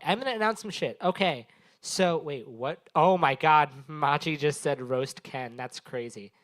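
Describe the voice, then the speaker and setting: A man's voice: fairly high pitch, a bit bright. A young man hosting an open mic, doing loose, profane stand-up crowd work on a small bar stage. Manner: rambling, profane, teasing the audience. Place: small bar venue stage before a live audience.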